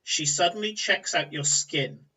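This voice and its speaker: A man narrating a tabletop game as game master, rambling with many pauses and fillers. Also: a little high, expressive, sharp tone, slightly rough, distant mic, rough recording. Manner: rambling, hesitant, filler-heavy.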